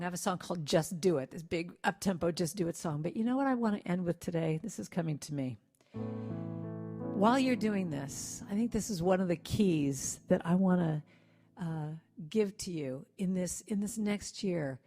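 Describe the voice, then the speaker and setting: Gentle, conversational woman speaker. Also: lowish voice. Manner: gentle, conversational, acts out quotes with lively voices. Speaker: guest speaker and singer. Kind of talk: inspirational talk to a congregation.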